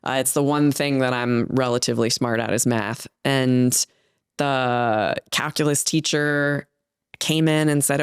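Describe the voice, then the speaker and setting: Female guest: candid, animated storyteller, smooth tone, dry room. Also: rumbling low, a little slow, no echo. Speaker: guest, health company founder. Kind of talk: emotional interview conversation.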